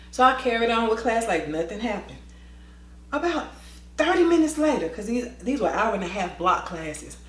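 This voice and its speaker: Woman, storytime vlogger, swooping lively delivery, roomy echo. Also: medium pitch. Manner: lively, acts out voices, quick asides. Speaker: teacher telling a story. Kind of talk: storytime vlog, animated retelling.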